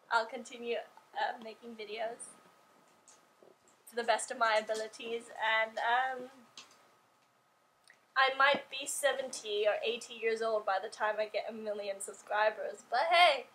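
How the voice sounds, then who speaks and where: A high-voiced woman talking straight to her own channel from home. She is excitable and gushing, with a bright, tense edge to her voice. Her casual swearing keeps the chat loose and unpolished. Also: a little hiss or hum, low-quality recording. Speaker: YouTuber. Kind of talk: casual vlog unboxing. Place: at home indoors.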